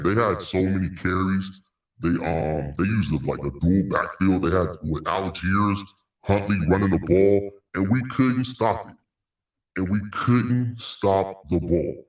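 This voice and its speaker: A man's voice: fairly low pitch, roomy sound, distant mic. A man hosting a casual solo sports recap, rambling, repeating words, with frequent sighs and laughs. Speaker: sports podcast host.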